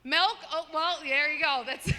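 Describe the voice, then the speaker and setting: Bright-voiced woman doing stand-up. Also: sits high, unhurried. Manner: chatty, talks with the crowd. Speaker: stand-up comedian. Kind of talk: stand-up set. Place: comedy show venue. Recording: long reverb in a hall.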